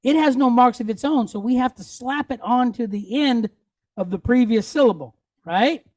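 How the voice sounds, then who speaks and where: A man teaching a Hebrew reading lesson, patiently spelling out letters and vowels and repeating each word slowly. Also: very high-pitched, a little mellow, dry recording, clean studio sound. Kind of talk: classroom teaching.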